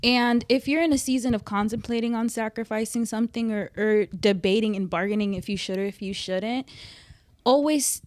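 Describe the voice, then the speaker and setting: A woman co-hosting a casual faith podcast, upbeat and quick to laugh. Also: on the high side, darkish tone, dry recording, studio quality. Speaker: podcast co-host.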